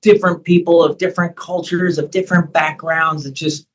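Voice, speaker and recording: Animated middle-aged man, fairly high voice. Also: a little fast, low-quality recording. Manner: animated, acts out coaching voices. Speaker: personal trainer and guest. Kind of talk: conversational interview. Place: Thailand.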